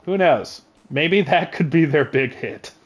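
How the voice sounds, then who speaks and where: A man chatting casually on a livestream, excitable and joking, rambling from thought to thought at a desk mic. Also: fairly high pitch, unhurried, breathy edge, lo-fi sound. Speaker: streamer.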